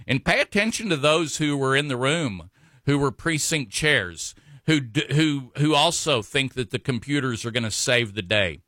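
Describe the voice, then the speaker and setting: A man hosting a talk radio show, his voice bright and pushing forward. He rambles through announcements with plenty of ums and restarts. The studio sound is close and dry. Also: mid-range voice, expressive, normal speed, dry recording. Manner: rambling, full of fillers and self-corrections. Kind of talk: local talk radio monologue.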